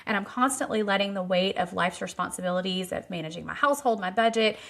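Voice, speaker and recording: A woman's voice: medium pitch, fast talker, gravelly. A middle-aged woman hosting a podcast, speaking earnestly and chattily in long runs as she sets up a question. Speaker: podcast host. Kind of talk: casual chat interview.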